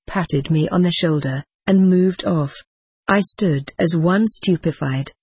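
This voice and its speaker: Audiobook reader, first person story, husky, dry close sound. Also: medium pitch, a little mellow, no room sound. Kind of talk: first-person scripted narration.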